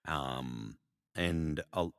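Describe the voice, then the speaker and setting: A middle-aged male voice actor telling animated stories in a casual interview, full of fillers. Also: very deep voice, extremely slow, no room sound, clean studio sound, in a large hall. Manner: animated anecdotes, frequent fillers and laughs. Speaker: voice actor guest.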